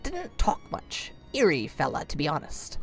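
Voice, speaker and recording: Old sea captain, voiced by a woman, gruff, secretive, drawling, gravelly. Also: low-pitched, wildly swooping pitch, normal speed, soft background music, exaggerated voice. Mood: gruff, guarded. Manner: salty sailor slang, drawling.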